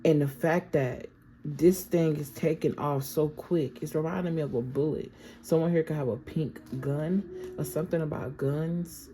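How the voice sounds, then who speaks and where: A woman's voice: low-pitched, steady tone, moderate pace, warm tone, slight background noise, rough recording. A woman giving a casual, affirming tarot reading and often checking in with "okay?". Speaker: tarot reader.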